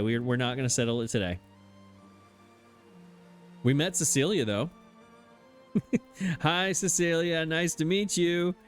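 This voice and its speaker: Chatty man narrating his gameplay. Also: mid-range voice. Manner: chatty, self-mocking, laughs often. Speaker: let's play host. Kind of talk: casual gameplay commentary.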